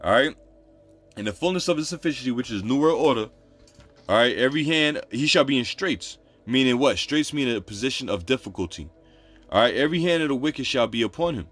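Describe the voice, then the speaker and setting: A man's voice: medium pitch, lively intonation, fairly quick, fairly bright tone, soft background music. A man preaching, reading Bible verses and explaining them in loose, repetitive street talk. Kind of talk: scripture teaching.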